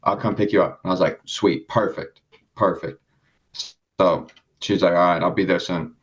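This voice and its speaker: A man's voice: sits low, fairly even intonation, normal speed, breathy edge. A young man on a podcast telling a rambling story in casual chat, swearing often and acting out the people in it. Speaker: podcast co-host. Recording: dull lo-fi sound.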